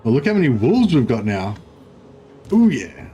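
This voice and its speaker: A man's voice: medium pitch, big pitch swings, normal speed, mellow, a little hiss or hum. An Australian man streaming a strategy game, chatting casually and rambling with many fillers and restarts. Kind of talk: casual gaming livestream chat.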